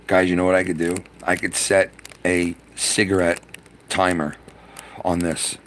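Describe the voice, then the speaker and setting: A man's voice: low voice, little pitch movement, measured pace, fairly bright tone, a little hiss or hum. A middle-aged man chatting on a live stream, swearing freely and rambling through stories from his youth. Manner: profane, rambling storyteller. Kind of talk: casual live-stream chat.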